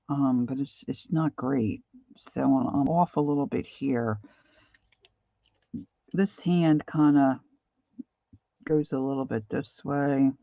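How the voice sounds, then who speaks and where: A middle-aged woman chatting casually and self-deprecatingly while she draws, halting with fillers as she works. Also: low-pitched, creaky, warm tone, breathy edge, no echo, highs cut off. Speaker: art journaling vlogger. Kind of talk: casual live drawing chat.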